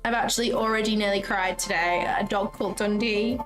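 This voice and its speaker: This trading livestream host is a young woman with a mid-range voice, fairly even intonation, and a fairly quick pace. She chats effusively while reading viewer comments, often saying "like" and "um," with faint music in the background.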